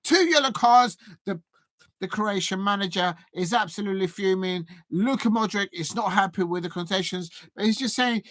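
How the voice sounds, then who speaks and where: A man hosting a live football watch-along, chatting with viewers and getting excitable, even shouting, at big moments in the match. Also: high-pitched, brisk, no echo. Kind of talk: live match reaction and chat.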